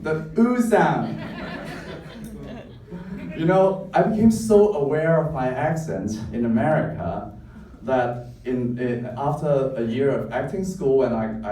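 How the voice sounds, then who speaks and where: A man's voice: medium pitch, warm tone, slight background noise. A man from Hong Kong, Cantonese his first language, with a Hong Kong accent, telling a wry, self-mocking story live on stage. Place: club stage before an audience. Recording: echoey stage sound from a distance.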